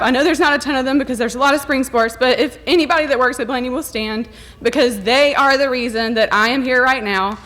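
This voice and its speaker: A woman's voice: high voice, fast talker, a bit bright. A woman principal giving a heartfelt, rambling award acceptance speech to a gala audience. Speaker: elementary school principal. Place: gala hall in front of an audience.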